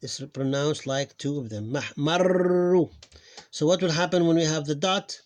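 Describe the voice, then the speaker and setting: In an informal lesson, a man teaches Arabic phonics, thinking aloud, correcting himself, and drawing out the example words he models. His voice is fairly high and his pace brisk.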